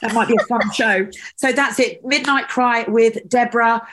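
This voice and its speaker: A woman's voice: on the high side, fairly even intonation, normal speed, fairly bright tone, soft background music. A woman hosting a casual podcast interview, chatty and effusive. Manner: chatty and effusive, laughing often. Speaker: podcast host.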